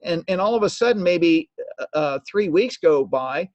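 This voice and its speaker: A man's voice: on the high side, lively intonation, normal speed, no echo. A man giving a live sales training talk, emphatic and repetitive, often checking in with "okay?". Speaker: network marketing trainer. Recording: dull lo-fi dry sound.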